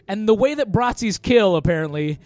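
A man's voice: high voice, a little mellow. A man on a podcast casually recapping a movie, rambling with lots of fillers and frequent laughter. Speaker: podcast co-host.

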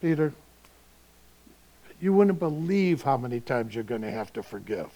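A preacher voicing a gentle, chuckling teacher. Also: male voice, fairly high pitch, very animated, measured pace, muffled recording. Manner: soft, warm and casual.

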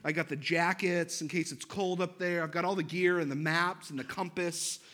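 A man in his thirties, a pastor, preaching with a lively personal story and self-deprecating humor. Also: a little high, normal speed.

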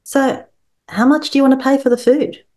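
Brief: a woman playing a put-out school mum, clipped and pointed, lifted pitch. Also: fairly even intonation, moderate pace, mellow, lightly acted. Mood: perplexed cool. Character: perplexed, cool middle-aged mother.

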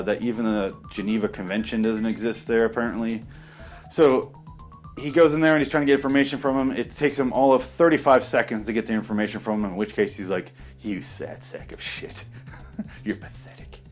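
A man giving casual, profane and sarcastic commentary on a movie while watching it. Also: on the low side.

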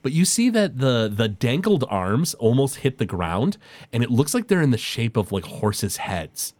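A man narrating a tabletop role-playing game as game master, descriptive and halting with fillers. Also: mid-range voice, sing-song, a little mellow.

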